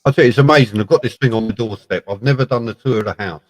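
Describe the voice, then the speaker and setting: A man's voice: mid-range voice, racing, low-quality recording. A man in a casual late-night live chat with friends, talking in blunt, sweary banter.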